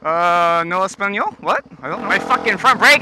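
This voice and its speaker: A man's voice: high-pitched, lively intonation, brisk, raised voice. A man vlogging while riding a motorcycle at night, rambling in a scatterbrained, joking and profane way. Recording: heavy road and engine noise.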